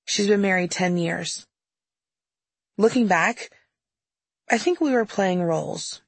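Wry, candid woman with a creaky voice. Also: on the low side, slow, dry recording. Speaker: memoir narrator. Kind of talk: audiobook memoir narration.

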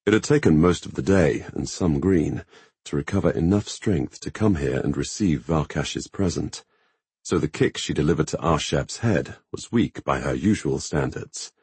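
Very deep, husky male narrator. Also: expressive, normal speed, a little mellow, dry recording. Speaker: audiobook narrator. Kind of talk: scripted fantasy narration.

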